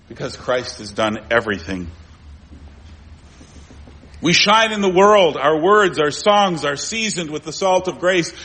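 Man, pastor, emphatic sermon delivery, slightly high pitch, urgent peaks and hushed dips. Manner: emphatic preaching with rhetorical questions; swings between raised, urgent lines and low, quiet ones.

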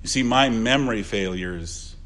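An older man, a pastor, preaching an earnest funeral sermon, repeating phrases and swinging between soft asides and louder emphasis. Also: fairly low pitch, normal speed.

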